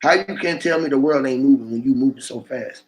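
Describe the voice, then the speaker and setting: A man's voice: medium pitch, brisk, creaky. A man freestyling in a loose stream of rhyming wordplay, then chatting casually and cursing often. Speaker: host. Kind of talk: freestyle rap and rambling chat. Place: indoors, sitting.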